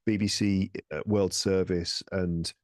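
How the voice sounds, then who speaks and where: A man from England on a casual podcast, an animated storyteller who acts out quoted speech. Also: low-pitched, a little slow, dry recording, clean studio sound. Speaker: podcast guest, English teacher and comedian. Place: lives in France.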